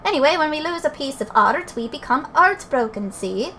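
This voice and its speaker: Cheeky little Welsh fairy lad, put on by a woman, high-voiced and blunt, game sidekick. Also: lively intonation, moderate pace, a bit bright, slight background noise. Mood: explaining. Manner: chatty, blunt, folksy.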